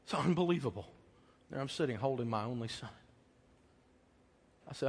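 A middle-aged American man preaching a sermon as pastor, telling personal stories in a conversational way that swings from loud emphasis to hushed tenderness. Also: medium pitch, expressive, moderate pace, pauses often, slightly rough. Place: church auditorium. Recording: long hall reverb.

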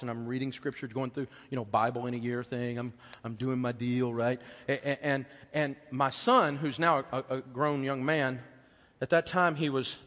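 Middle-aged American man, pastor, chatty sermon storytelling, loud then hushed, mid-pitched, long church reverb. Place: church auditorium.

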